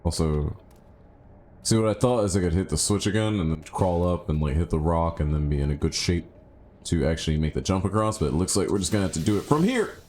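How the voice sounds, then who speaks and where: A man streaming a game live, chatting casually and thinking out loud, with sudden excited yelps. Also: low voice, a little fast, a little hiss or hum. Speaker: gaming streamer. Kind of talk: casual live gameplay commentary.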